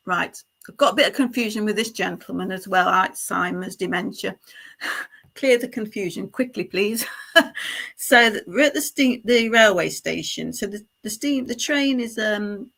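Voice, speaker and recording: Bright-voiced woman giving a halting psychic reading. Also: mid-range voice, vocal fry. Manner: halting, stream-of-consciousness delivery with many fillers and restarts; addresses the sitter directly, checking in with tag questions. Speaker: psychic medium.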